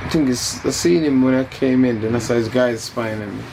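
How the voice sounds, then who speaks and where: A man's voice: mid-range voice, brisk, vocal fry, background noise. A man being interviewed during fight week, talking in a laid-back, teasing and rambling way.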